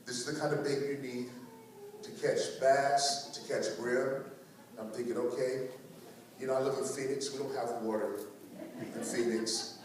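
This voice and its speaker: A man giving a keynote talk to teachers, telling personal stories with animated humor. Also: medium pitch, a little slow, long pauses. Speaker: speaker. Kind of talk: storytelling keynote speech. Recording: echoey hall recording from far off, faint noise.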